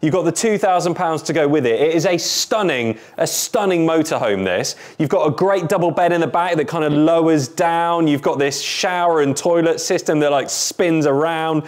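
A man's voice: fairly high pitch, moderate pace, few pauses. A man presenting a prize over a video call, enthusiastic and laughing often. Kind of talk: upbeat prize announcement call.

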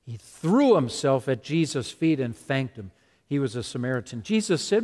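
A man's voice: medium pitch, big pitch swings, normal speed, darkish tone. A man preaching a sermon as pastor, emphatic and repetitive. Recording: long reverb of a large hall.

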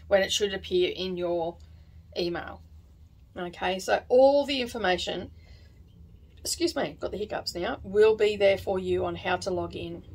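Woman vlog host, middle-aged, casual rambling chat with lots of fillers, medium pitch. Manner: rambling, chatty, many fillers and asides.

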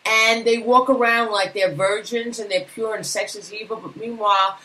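A woman's voice: fairly high pitch, steady tone, moderate pace, pushed and bright, low-quality recording. A woman co-hosting a live talk show beside her husband, venting bluntly and indignantly. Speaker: co-host, host's wife. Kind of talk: casual live talk radio.

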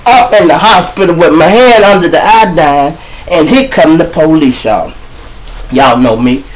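Guy spinning wild profane street stories, lively and loud, hosting his show. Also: fairly high pitch, a little slow, poor audio. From Chicago. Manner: animated, profane street storytelling. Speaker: show host. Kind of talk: storytelling monologue.

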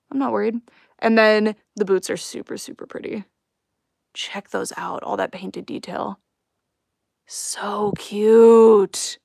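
A woman's voice: mid-range voice, creaky, dry recording, clean studio sound. A young woman chatting casually on a live stream at home as she unboxes dolls, rambling and giggling with lots of fillers. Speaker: doll collector livestreaming an unboxing. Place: home room.

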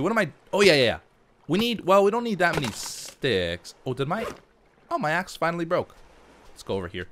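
A let's play host talks through a survival game in a playful, chatty manner, narrating his moves and cracking jokes to himself. His slightly bright voice swings widely in pitch as he reacts. The commentary is casual and unscripted, with slight background noise.

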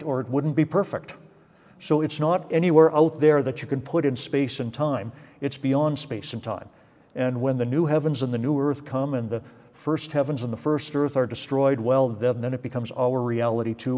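A man's voice: mid-range voice, darkish tone. A man leading a Bible study in a church, explaining scripture in an emphatic teaching manner and often checking in with "right?" and "okay?". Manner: explanatory, stressing words, frequent "right?" and "okay?". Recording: church hall reverb.

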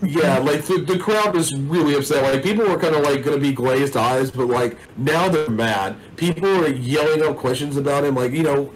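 A man's voice: on the high side, moderate pace, few pauses, a little hiss or hum, poor audio. A man narrating a tabletop role-playing game as game master, in a casual, rambling way with many fillers.

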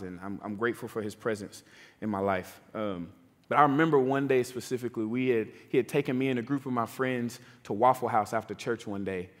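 A man preaching a sermon in a conversational way, often checking in with "right?" and "like". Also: medium pitch. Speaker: pastor. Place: church sanctuary. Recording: long church hall reverb.

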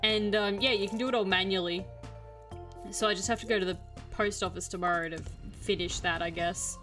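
A woman's voice: mid-range voice, fairly even intonation, brisk, fairly bright tone. Casting: young woman, livestream gamer, chatty and exasperated, mid-range voice, faint music underneath. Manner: chatty, exasperated storytelling with swearing. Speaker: streamer. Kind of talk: casual gameplay chat.

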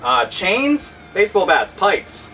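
A man voicing neglected handheld game consoles as a gruff gang looking for a fight, with tough-guy bravado, set back from the mic. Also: high-pitched, huge pitch swings, slow pace, pushed and bright, distant mic, a little hiss or hum, voice pushed down, heavily acted. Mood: belligerent.

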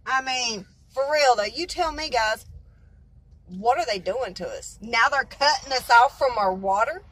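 A woman's voice: fairly high pitch, unhurried, fairly bright tone, breathy edge, rough recording. A woman talks straight to her camera in a casual vlog. She is blunt and indignant and fires off question after question. She swears freely. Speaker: vlogger.

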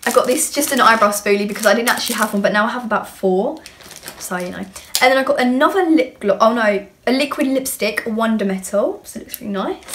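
A woman's voice: fairly high pitch, animated, fairly quick, fairly bright tone. A young woman chatting through an unboxing as a beauty vlogger, bubbly and rambling as she gushes. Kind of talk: casual unboxing chat. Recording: clear background noise with clicks.

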